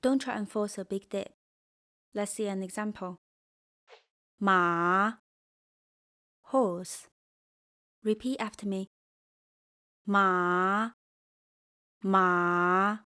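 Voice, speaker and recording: A woman teaching a pinyin lesson, speaking slowly and clearly and leading repeat-after-me drills. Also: medium pitch. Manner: slow, clear, drills repetition. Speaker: Mandarin teacher. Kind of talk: scripted language lesson.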